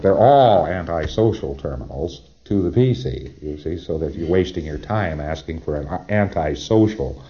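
A low-voiced man delivers a recorded lecture in a chatty, emphatic manner, stressing key words and breaking off into rhetorical asides. The sound is dull and lo-fi, like an old tape recording. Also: mellow.

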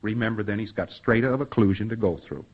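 A man's voice: fairly low pitch, fast talker. A man giving a spoken lecture to trainees in a folksy way, acting out bits of quoted dialogue and sound effects. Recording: dull, muffled lo-fi recording.

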